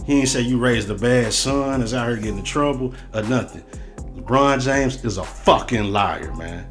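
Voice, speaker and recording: A man's voice: medium pitch, normal speed, faint music behind. A man hosting a sports show, ranting in a heated, profane, repetitive way. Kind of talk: sports commentary rant.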